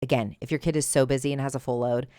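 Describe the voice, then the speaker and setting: A middle-aged woman hosting a solo advice podcast, talking emphatically and conversationally, sometimes animated. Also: a bass voice, quick pace, no room sound, clean studio sound. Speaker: podcast host. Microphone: earbuds with mic.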